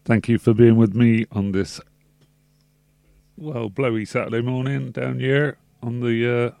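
A man's voice: mid-range voice, steady tone, a little slow, vocal fry, mellow, no room sound. A man, a radio DJ rambling through a laid-back sign-off with many fillers. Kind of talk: casual radio sign-off chat. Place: radio studio.

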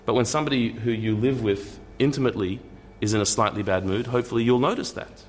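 A man's voice: mid-range voice, fairly even intonation, fast talker, slight background noise. A man giving a conversational lecture, thinking aloud with repeated words and restarts and tossing in wry asides.

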